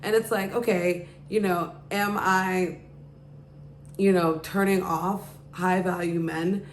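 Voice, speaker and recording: A woman's voice: on the low side, fairly even intonation, takes it slowly, a little hiss or hum. Rambling woman podcast host, echoey room. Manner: rambling, heavy use of "like" and "you know". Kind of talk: casual storytelling.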